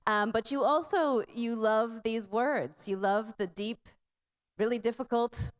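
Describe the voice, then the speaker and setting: A woman's voice: fairly high pitch, measured pace. A woman moderating a convention panel in an upbeat way, laughing between her questions.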